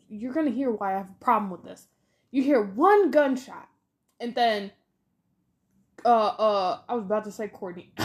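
A woman co-hosting a podcast, chatting casually about a movie, animated and exasperated as she rants. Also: a little high. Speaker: podcast co-host. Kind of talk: casual movie review chat.

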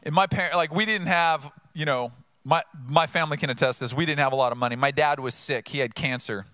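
A man from Southern California preaching an energetic, conversational sermon full of rhetorical questions. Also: fairly high pitch, fairly quick, no room sound. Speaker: pastor.

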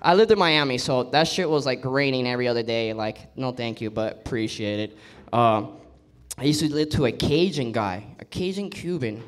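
A man's voice: mid-range voice, animated, moderate pace, noisy background. A man doing live stand-up on a comedy club stage, telling stories animatedly and acting out the people in them.

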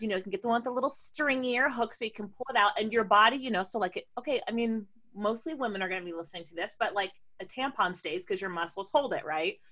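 A woman's voice: mid-range voice, a bit bright. Woman podcast co-host, candid and playful, explains stuff step by step, laughs a lot. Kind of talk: casual chat.

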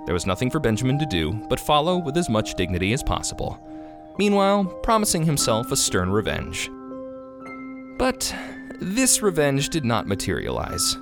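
A man narrating a classic short story as a podcast reader, expressive and measured. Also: mid-range voice. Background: guitar music.

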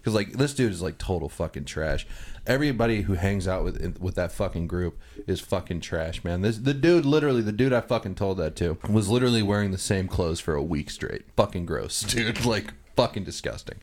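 A man's voice: deep voice, animated, a little fast, darkish tone. A man co-hosting a comedy podcast, telling a blunt and profane story in casual chat. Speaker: podcast co-host.

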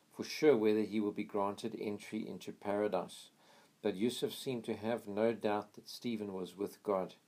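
A man reading a memoir aloud in an earnest, steady way, now and then pausing to pray quietly. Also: on the low side. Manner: earnest, pauses for quiet prayers. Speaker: reader of a missionary memoir.

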